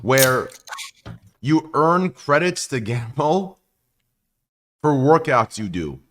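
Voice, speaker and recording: Lively teasing male podcast host. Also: mid-range voice, slow, a little hiss or hum. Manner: teasing, loose, swearing. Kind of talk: casual chat.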